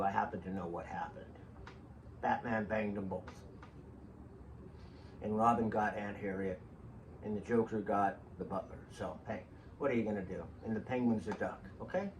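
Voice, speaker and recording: A man's voice: lowish voice, moderate pace, long pauses. A man hosting his own show, telling rambling stories in a casual, digressive way with joking asides to his listeners. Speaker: show host. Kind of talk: casual rambling storytelling monologue. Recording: distant mic with faint background hiss.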